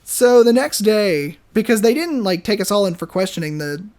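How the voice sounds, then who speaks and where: Young man, podcast co-host, casual storytelling, animated, lots of fillers. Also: high-pitched, moderate pace. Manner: animated, filler-heavy storytelling with many restarts.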